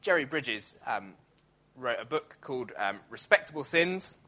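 A man's voice: mid-range voice, animated, a little slow, sharp tone. A man preaching a sermon in a church, talking in a conversational way with many fillers and restarts, now and then acting out grumbling voices.

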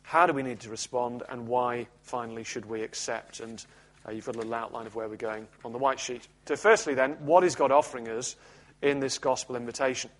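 A male pastor reading scripture aloud and then preaching an expository sermon in a measured, earnest way. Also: mid-range voice, steady tone, fairly bright tone.

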